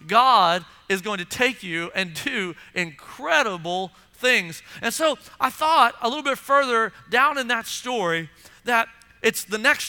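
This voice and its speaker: High, bright-voiced male preacher in a reverberant hall. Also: clear, resonant tone. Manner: animated preaching, acts out voices of listeners. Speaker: pastor. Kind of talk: sermon.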